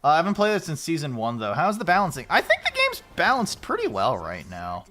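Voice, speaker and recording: A man's voice: on the high side, brisk, background noise. A male streamer chatting casually and joking while playing a game with a friend. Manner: joking, excitable, swears. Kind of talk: casual gaming chat.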